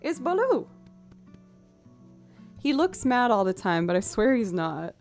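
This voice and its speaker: A woman's voice: medium pitch, lively intonation, normal speed, darkish tone, soft background music. A woman musician chatting casually on her livestream, bubbly as she thanks viewers one by one.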